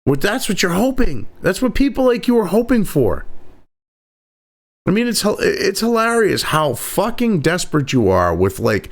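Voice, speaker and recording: A man's voice: high voice, very animated, moderate pace. A man hosting a heated, profane political commentary, talking sarcastically and swearing constantly.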